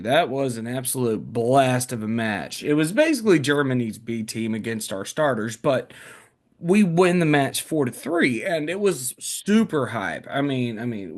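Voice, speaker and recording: A man in his thirties co-hosting a podcast, telling animated, joking stories in a casual chat. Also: medium pitch, normal speed. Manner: animated storyteller, lively jokes. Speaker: podcast co-host.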